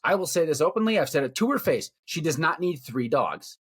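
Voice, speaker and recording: A man's voice: a little high, big pitch swings, fairly quick, slightly rough. A middle-aged man co-hosting a podcast, ranting bluntly and profanely about his opinions in casual talk. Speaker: podcast co-host. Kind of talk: casual rant.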